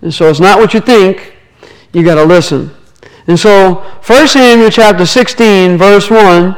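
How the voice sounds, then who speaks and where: Brief: male minister, high and smooth voice, storytelling sermon with acted-out quotes. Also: unhurried, low-quality recording. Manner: storytelling, acting out quoted dialogue, repeated restarts.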